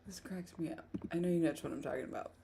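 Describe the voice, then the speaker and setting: A woman's voice: fairly low pitch, fast talker, creaky, background noise. A woman hosting a casual writing livestream, chatting, laughing often and reading viewer comments aloud. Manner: giggly, reads chat aloud. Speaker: livestream host.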